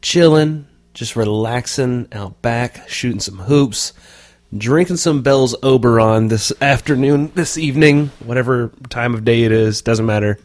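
A man's voice: mid-range voice, a little slow. A man from North Texas hosting a casual beer podcast, laid-back and joking, swearing casually. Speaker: podcast host.

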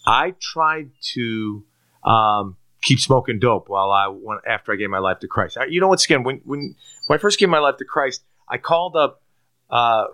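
A man's voice: mid-range voice, moderate pace. A man from Turkey giving a personal faith testimony as a guest, acting out his own past lines and restarting often with repeated words. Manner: animated storyteller who acts out his own past lines; frequent repeated-word restarts.

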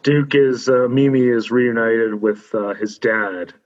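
A man in a casual film podcast, recapping the plot in a halting way with many pauses. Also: mid-range voice. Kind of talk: casual chat about a film. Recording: dull lo-fi audio.

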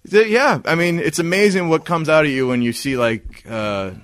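His voice is fairly high-pitched at normal speed, with no room sound. As a podcast co-host telling a story casually, he swears a lot and acts out people's words with animation.

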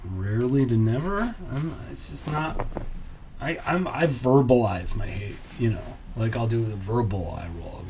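A man's voice: medium pitch, lively intonation, a little slow, noisy background. A man hosting a solo comedy podcast, musing in a dry, self-mocking way with muttered asides. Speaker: podcast host.

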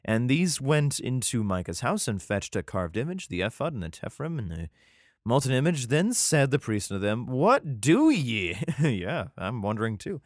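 A man reads old scripture aloud and keeps cutting in with sarcastic, profane jokes. His voice rises and falls in a lively way, and the sound is close and dry with no room echo. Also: mid-range voice, moderate pace. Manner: irreverent, sarcastic profane asides. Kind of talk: reading scripture aloud with comedic commentary.

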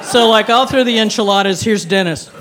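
A woman's voice: mid-range voice, a little fast, crowd noise, noisy background. Wry woman telling a story on stage. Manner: wry, self-mocking, laughing through lines. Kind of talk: live personal storytelling. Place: stage before an audience.

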